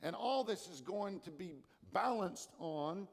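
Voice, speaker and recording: A man pastor preaching a sermon with earnest emphasis, swinging from loud declarations to hushed, soft lines. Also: high-pitched, lively intonation, unhurried, gravelly, big-room sound. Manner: earnest, emphatic preaching with dramatic shifts in loudness. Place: church sanctuary.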